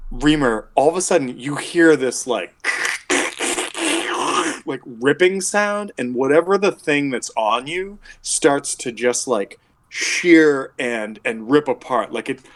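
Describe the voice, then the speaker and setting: A man's voice: mid-range voice, expressive, measured pace. A man narrating as game master of a tabletop game, rambling with many filler words.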